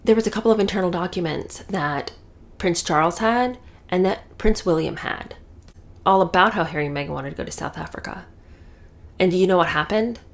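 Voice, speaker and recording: A woman's voice: fairly low pitch, fairly quick. A woman giving casual, sarcastic commentary, talking animatedly with many fillers and restarts.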